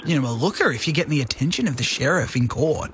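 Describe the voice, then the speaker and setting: A man's voice: fairly high pitch, animated, fast talker, noisy background. A man with an Australian accent hosting drive-time radio, joking and teasing callers in casual banter. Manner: jokey and teasing. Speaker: radio host.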